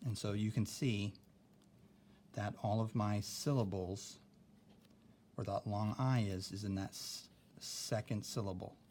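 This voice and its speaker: Leading a spelling lesson, this young male teacher speaks in a slightly low, darkish voice at an unhurried, patient pace, leaving long pauses and checking in with "okay?" along the way. His tone stays steady over a faint background hiss.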